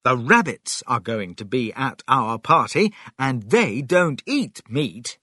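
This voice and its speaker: A man voicing a clever, bold male fox in a storybook reading, speaking with eager emphasis, raised and loud. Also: mid-range voice, big pitch swings, slow, breathy edge, no room sound, studio quality, voice pushed up, heavily acted.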